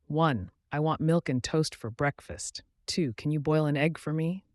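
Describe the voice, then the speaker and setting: Guy reading numbered phrases for learners, slow n clear, kinda high voice, dry close sound. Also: darkish tone, no room sound. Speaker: English teacher.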